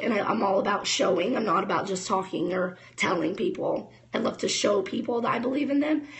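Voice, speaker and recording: A woman's voice: medium pitch, creaky, a bit bright, low-quality recording. A woman in her thirties giving a casual, fired-up motivational talk to camera as a network marketing distributor, chatting straight to her viewers.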